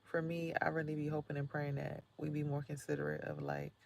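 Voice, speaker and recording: A woman vlogging in a chatty, slangy way, laughing often and swinging between loud remarks and hushed asides. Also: sits low, flat delivery, a little fast, creaky, a little hiss or hum. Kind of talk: casual spiritual vlog monologue.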